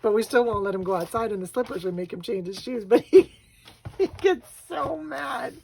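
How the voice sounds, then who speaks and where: A woman's voice: on the high side, animated, moderate pace, creaky, a little mellow, slight background noise, rough recording. An older woman hosting a crafting channel, chatting casually and telling stories with frequent laughter. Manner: chatty storytelling, laughs often. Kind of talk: casual chat while crafting.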